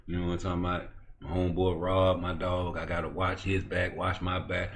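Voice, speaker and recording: A man hosting a YouTube boxing talk show, ranting profanely and swinging from low muttering to loud, heated outbursts. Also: little pitch movement, fairly quick, slight background noise. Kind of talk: ranting commentary.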